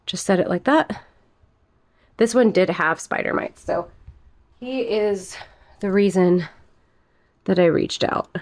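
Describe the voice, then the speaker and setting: A woman's voice: medium pitch, takes it slowly, pauses often. A young woman chatting casually in a plant care vlog, a little out of breath and giggling now and then. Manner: chatty, giggly, talks softly to her plants. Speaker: plant vlogger.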